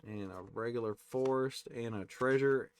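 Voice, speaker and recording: A man hosting a casual pack-opening video, reading card names aloud and tossing in quick offhand reactions. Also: mid-range voice, slight background noise. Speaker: card-opening channel host.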